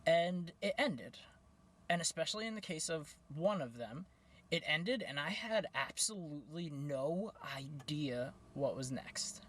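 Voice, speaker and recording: In a storytime vlog recorded at home and later in his car, a young vlogger talks in a fairly high, animated and fairly bright voice, unhurried though out of breath. He's casual and candid, chatting with fillers and self-corrections.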